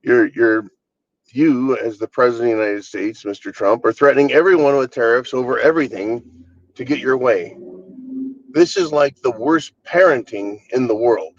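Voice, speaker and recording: A man's voice: medium pitch, normal speed, no echo, muffled recording. Blunt, exasperated man ranting. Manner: blunt and exasperated, swears freely. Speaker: channel host. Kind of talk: casual political rant.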